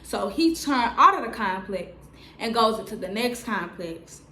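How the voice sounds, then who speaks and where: A woman in her twenties telling a story on her vlog in a lively, slangy way, full of "like" fillers. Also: a little high, measured pace, roomy sound, slight background noise. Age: 20s. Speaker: vlogger. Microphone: on-camera mic.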